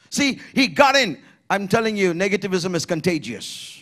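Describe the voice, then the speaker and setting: A man preaching an emphatic sermon in church, building to shouted refrains and calling on the congregation to repeat after him. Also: sits high, lively intonation, normal speed. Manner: emphatic preaching, rising to shouts, call-and-response. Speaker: pastor.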